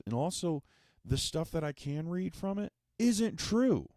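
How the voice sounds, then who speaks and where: A man's voice: on the high side, sing-song, a little slow, a little mellow, dry recording, clean studio sound. A man hosting a podcast, telling a sarcastic, profane and exasperated comedic monologue. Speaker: podcast host.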